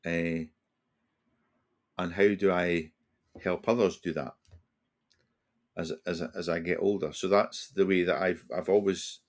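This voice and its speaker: A man's voice: low-pitched, fairly even intonation, measured pace, pauses often. A Scottish man in his sixties, a retired police officer, telling a reflective story as a podcast guest, often restarting and slipping into quoted dialogue. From Scotland. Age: 60s.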